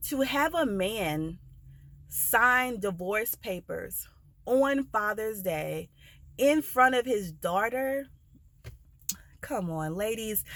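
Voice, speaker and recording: A woman with an American accent telling a story in a casual vlog, animated and expressive, acting out the people she quotes. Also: medium pitch, no echo. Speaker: notary vlogger.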